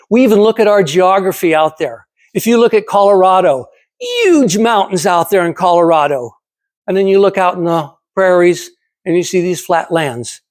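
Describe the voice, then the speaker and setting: A man in his seventies giving a prepared motivational speech at a speaking club. He talks emphatically, asks rhetorical questions and keeps repeating his key phrases. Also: sits high. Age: 70s.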